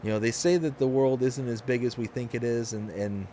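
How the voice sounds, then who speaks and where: A man's voice: medium pitch, steady tone, brisk, warm tone, a little hiss or hum. A man from Michigan hosting a live game stream, chatting casually and rambling through stories with frequent restarts. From Michigan, USA.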